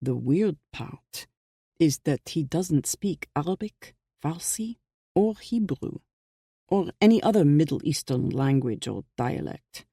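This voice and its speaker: Ehud, narrator as a slow, confiding officer. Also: male voice, fairly high pitch, lively intonation, mellow, slightly rough, no echo, clean studio sound, exaggerated voice. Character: Ehud, a guarded man security officer.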